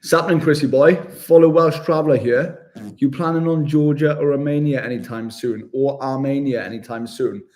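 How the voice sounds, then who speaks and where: On a live travel stream, a man who vlogs travel chats casually and cheerfully with viewers, matily calling them "mate". His mid-range voice is steady and darkish in tone, moving at a moderate pace.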